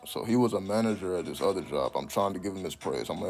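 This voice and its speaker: A man telling stories in a casual, profane monologue, breaking into high laughing exclamations. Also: expressive, fast talker, few pauses, a little mellow. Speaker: channel host.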